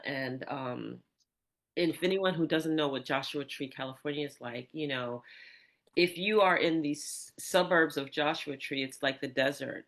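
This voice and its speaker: Animated woman host telling a story. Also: low voice. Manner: animated storyteller, many restarts, acts out her own yelling. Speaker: podcast host. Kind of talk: personal storytelling in an interview.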